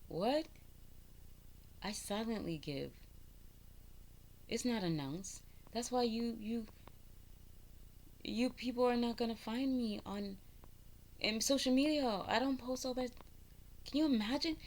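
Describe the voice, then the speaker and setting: A woman in her thirties giving a casual spiritual vlog monologue, animated and preachy, firing rhetorical questions and laughing often. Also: fairly high pitch, measured pace, long pauses. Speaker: spiritual vlogger.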